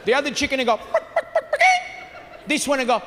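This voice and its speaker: A stand-up comedian with a high, bright-edged voice works a big room, animated and loud on his punchlines. His voice rings with a long hall reverb, and crowd noise sits clearly behind him. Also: fairly quick. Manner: animated, shouts punchlines, acts out family members. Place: large theater stage with audience.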